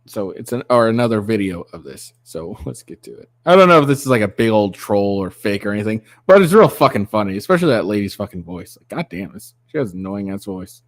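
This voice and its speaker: A man's voice: fairly low pitch, very animated, quick pace, few pauses, dry recording, clean studio sound. A man hosting a casual reaction video, mocking the clip with profanity, lots of fillers, and bursts of laughter. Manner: crude, mocking, giggly, rambling. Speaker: commentary channel host.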